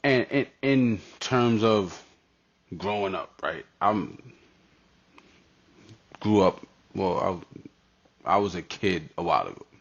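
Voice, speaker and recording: A man co-hosting a podcast, talking casually and reflectively, dropping into relaxed street talk. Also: deep voice, slow, pauses often, dull audio. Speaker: podcast co-host.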